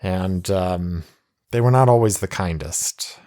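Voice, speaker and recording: A man's voice: low voice, takes it slowly, mellow. A man voicing an earnest, kind young male pilot who stammers and trips over his words.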